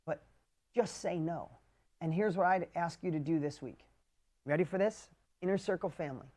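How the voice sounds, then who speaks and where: A man coaching a live online group in an emphatic, punchy way, swearing casually and swinging between loud urging and quiet intensity. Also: fairly high pitch, moderate pace. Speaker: business coach. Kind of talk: motivational coaching livestream.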